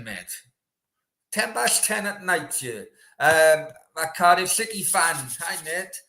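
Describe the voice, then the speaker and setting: A man chats casually and rambles with his viewers during a live stream. His voice sits a bit high and his pace is slow. The room around him is roomy and echoey. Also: very animated, vocal fry, sharp tone. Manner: chatty, rambling, banters with viewers. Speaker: host. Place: room in Australia.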